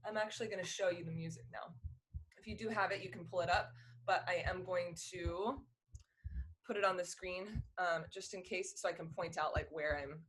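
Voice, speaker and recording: A woman's voice: fairly low pitch, normal speed, a bit bright. A young woman teaching a fiddle class on a video call, explaining rhythms and counting beats aloud in a friendly way. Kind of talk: online music lesson.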